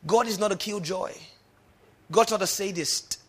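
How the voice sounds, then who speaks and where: A man's voice: high voice, moderate pace, slightly rough. A man preaching a sermon in church, calling out to the congregation and urging them to repeat his words. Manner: emphatic call-and-response preaching. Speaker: pastor.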